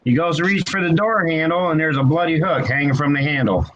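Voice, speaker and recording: A man improvising a spooky campfire story on a livestream, halting and full of ums. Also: a little high, fairly bright tone. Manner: halting, drawn-out delivery with many ums. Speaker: livestream guest. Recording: dull lo-fi stream audio with faint hiss.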